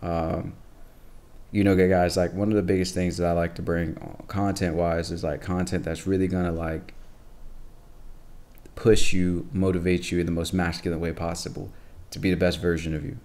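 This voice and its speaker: A man's voice: low voice, little pitch movement, normal speed, darkish tone. A tired young man hosting his channel, talking laid-back to viewers with lots of fillers. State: tired, low energy. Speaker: channel host. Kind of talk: casual video intro.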